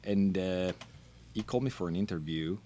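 Animated Italian-accented middle-aged man, low voice. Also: a little hiss or hum. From Italy. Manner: animated, laughing, halting non-native phrasing. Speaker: podcast guest, wine brand manager. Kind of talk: casual storytelling interview.

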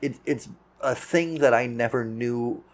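A man's voice: mid-range voice, unhurried. A man hosting a casual podcast interview, rambling, swearing freely, laughing often and searching for words. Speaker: podcast host.

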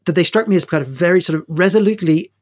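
A man's voice: sits high, very fast, a little mellow. A man interviewing authors, hesitant and full of fillers and restarts. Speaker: interviewer host. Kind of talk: book interview.

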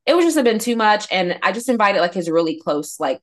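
A woman's voice: medium pitch, big pitch swings, quick pace. Chatty young woman spilling a story. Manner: rambling storyteller, constant "like" fillers. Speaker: podcast co-host. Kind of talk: casual chat, storytelling.

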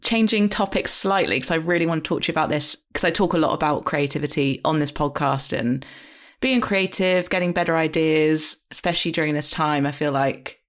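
A woman hosting a podcast, reacting casually to her guest and chatting about creativity. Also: low voice. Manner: casual, quick to react with short agreements. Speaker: podcast host. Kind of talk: conversational podcast interview.

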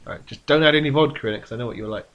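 A man's voice: mid-range voice, rapid-fire, lo-fi sound, slight background noise. A man co-hosting a casual podcast chat, teasing his friend and often repeating words as he goes. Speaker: podcast co-host.

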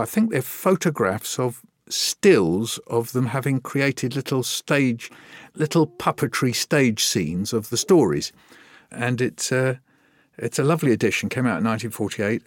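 A man's voice: medium pitch, dry recording. Older man, dry close sound. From Britain. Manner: lively anecdotal, acts out remembered dialogue. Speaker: guest, poet and children's author. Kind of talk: conversational storytelling interview.

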